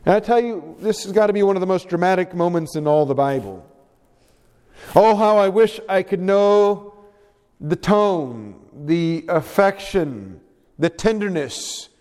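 A man preaching a sermon, reading scripture aloud with dramatic, expressive emphasis. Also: sits high. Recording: long hall reverb.

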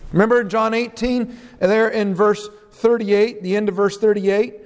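A man's voice: sits high, unhurried, in a large hall. A male pastor preaching an expository sermon, reading scripture verses aloud and explaining them with emphasis.

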